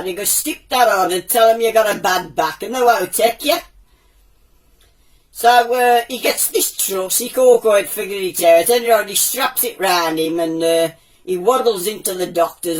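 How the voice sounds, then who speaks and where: A man's voice: sits high, moderate pace, recorded from a distance, low-quality recording. A man voicing an old male womble puppet who tells cheeky wartime jokes in a Black Country accent. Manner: cheeky joke-teller, does voices for his characters. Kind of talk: comic puppet storytelling.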